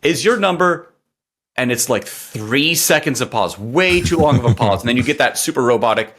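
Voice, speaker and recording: A man's voice: mid-range voice, lively intonation, brisk, a bit bright. A man co-hosting a podcast in casual chat, wry and sarcastic as he tells stories. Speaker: podcast co-host.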